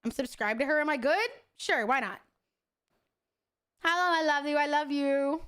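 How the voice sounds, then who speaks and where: High-voiced woman streamer, exasperated. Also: moderate pace, fairly bright tone. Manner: profane, exasperated, laughs often, greets chat affectionately. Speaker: VTuber streamer. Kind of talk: casual gaming stream chat.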